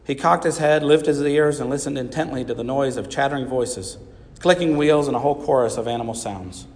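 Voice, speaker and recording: A man reading aloud a children's Bible story with measured, steady storybook pacing. His voice sits at a middle pitch for a man. It rings out with a long hall reverb.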